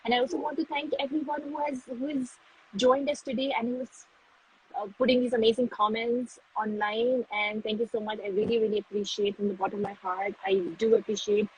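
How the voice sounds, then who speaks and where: A woman's voice: on the high side, level tone, a little fast, husky, rough recording. A woman as a guest on a casual live-stream interview, speaking effusively and laughing often, heard through a phone. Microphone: phone on a live video stream.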